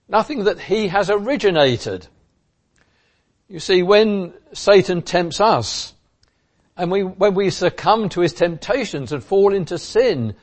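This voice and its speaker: A man preaching a sermon in an emphatic way, driving points home by repeating key phrases. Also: high voice.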